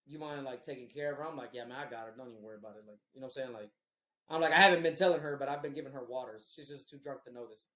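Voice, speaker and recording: A man's voice: mid-range voice, very fast. Profane man telling a story, roomy echo. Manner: profane, animated storyteller acting out quotes. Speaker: podcast host. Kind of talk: casual storytelling.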